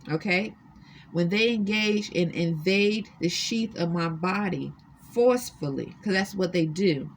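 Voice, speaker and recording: A woman's voice: lowish voice, slow pace, slight background noise. A woman earnestly recounting her own experiences to the camera from a hotel room, insistent and emphatic. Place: extended-stay hotel room.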